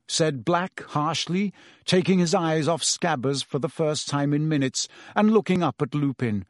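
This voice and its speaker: A man narrating an audiobook in a measured, even way. His voice sits slightly above the usual male pitch. The recording is dry and close, with no room sound. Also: no echo. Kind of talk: scripted narration.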